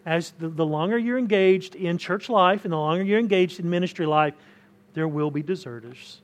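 In a church hall, a male pastor with a high voice speaks at a normal speed, delivering a conversational sermon. He frequently restarts words and drives his points home with mounting emphasis.

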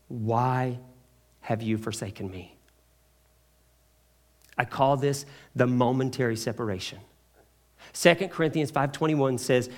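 Guy teaching a bible class, goes quiet on the verses then gets loud and worked up, keeps asking "okay?". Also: a little high. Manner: swings from hushed, slow quotes to loud, rising emphasis; checks in with the listeners.

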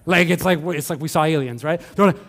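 A man with a Quebec accent preaching a conversational sermon as a pastor, animated and full of acted asides. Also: fairly high pitch, fast, in a large hall. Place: church sanctuary.

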